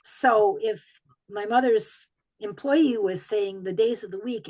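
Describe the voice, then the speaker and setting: A woman's voice: medium pitch, unhurried, mellow, low-quality recording. A woman from Michigan's Upper Peninsula with its accent, an author telling stories in a video call Q&A, chatty with frequent ums. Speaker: author guest. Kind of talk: casual talk in a video call Q&A.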